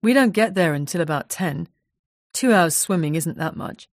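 A woman voicing a grieving widower who speaks softly and quietly, sounding numb. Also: animated, normal speed, no room sound, studio quality. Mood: subdued. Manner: soft, low, numb-sounding.

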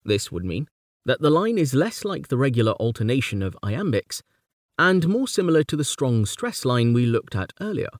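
Male academic narrator, expressive intonation, dry studio read, measured delivery. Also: medium pitch, dry recording. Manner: measured, reads poem quotes slowly and rhythmically. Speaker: lecturer on poetic meter.

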